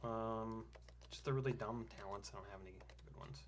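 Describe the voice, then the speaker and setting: A man's voice: lowish voice, normal speed, a little hiss or hum. A man joking around as co-host on a casual live show. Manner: joking, goofy. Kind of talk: casual live-stream chat.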